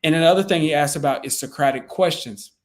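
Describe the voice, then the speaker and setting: A man's voice: a little high, fast, a little hiss or hum. A man coaching real estate sales in a loose, conversational way with frequent fillers and restarts. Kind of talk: casual teaching talk.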